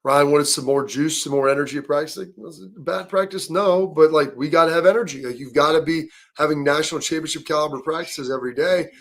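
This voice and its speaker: Rambling, slightly high-voiced male host. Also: quick pace, hardly any pauses. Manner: rambling storyteller, many fillers and restarts. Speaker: show host. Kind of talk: casual sports chat.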